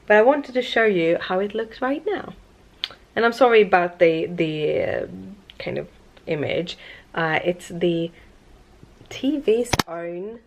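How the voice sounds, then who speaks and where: At home, a young woman vlogs in a casual, chatty way, wandering from point to point and correcting herself often. Her voice is somewhat low with a slight British touch, and she sounds tired.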